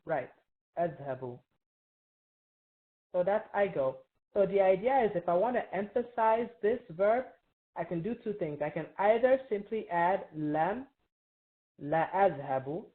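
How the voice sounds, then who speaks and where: A woman teaching an Arabic grammar review, patiently quizzing students and checking in with frequent "right?". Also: lowish voice. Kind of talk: classroom review lesson. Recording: tinny phone-like online call.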